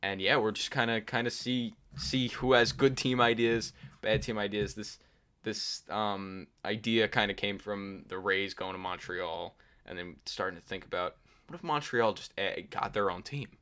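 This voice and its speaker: Bright-voiced young man hosting a podcast. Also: lowish voice, normal speed, clean tone. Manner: relaxed, many fillers and restarts. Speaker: podcast host. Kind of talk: casual podcast chat.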